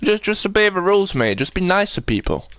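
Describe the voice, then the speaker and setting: A man's voice: high-pitched, very animated, brisk, a bit bright, clean tone, no room sound. A man chatting on a live stream, rambling and ranting as he answers his chat.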